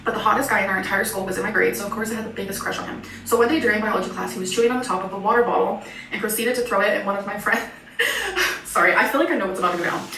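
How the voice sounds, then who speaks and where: A woman's voice: mid-range voice, racing, sharp tone. A woman YouTuber reading viewer confessions aloud in a chatty way with giggly asides. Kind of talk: reading messages aloud, casual chat. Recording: echoey room, far from mic, faint hiss.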